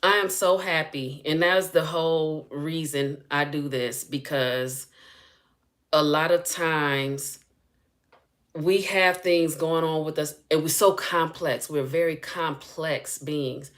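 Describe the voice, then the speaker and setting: A woman speaking as a spiritual healing coach in a casual live-stream chat, chatty and animated and laughing often. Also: low voice, slow pace.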